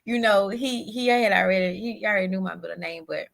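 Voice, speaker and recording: A woman guest telling a personal story in a halting, emotional way, often repeating her words. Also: medium pitch, gravelly. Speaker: podcast guest.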